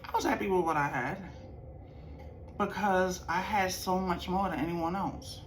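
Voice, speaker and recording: A woman's voice: on the low side, measured pace, a little hiss or hum. Streetwise New York woman telling stories. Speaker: vlogger sharing life stories. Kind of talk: personal storytelling.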